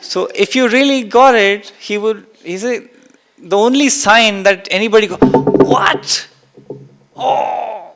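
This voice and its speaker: A man's voice: high-pitched, moderate pace, fairly bright tone, slight background noise. A man giving a spiritual talk to a live and online audience. He speaks with emphasis, repeats key phrases and acts out exclamations. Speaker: spiritual teacher.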